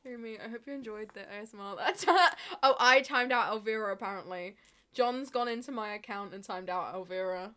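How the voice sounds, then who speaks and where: A woman's voice: mid-range voice, a little fast, bright, forceful tone. A woman livestreamer chatting casually with her chat, laughing often and swearing freely.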